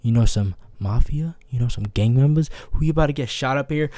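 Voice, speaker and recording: A young man telling a story in a casual vlog, animated, acting out the people he quotes with voice shifts and sound effects. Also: mid-range voice, brisk, hardly any pauses, dry recording, clean studio sound. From New York.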